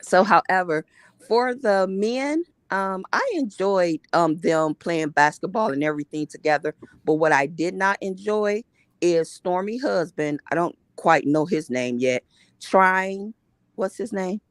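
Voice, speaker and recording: Low-ish woman voice, blunt opinions, dead dry sound. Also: a little slow, dry recording. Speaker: co-host. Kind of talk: casual recap chat.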